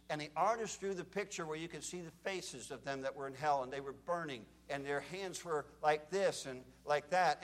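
A man preaches a fire-and-brimstone sermon with a fairly high voice. He tells dramatic stories and shouts out the cries of the people in them. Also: big-room sound. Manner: dramatic storytelling, shouts out quoted screams.

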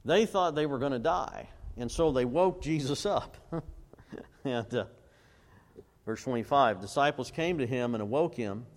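An expressive, mid-voiced pastor leads a sermon built on scripture quotations and slowly recited hymn lyrics. Again and again he asks questions that leave gaps for the congregation to fill.

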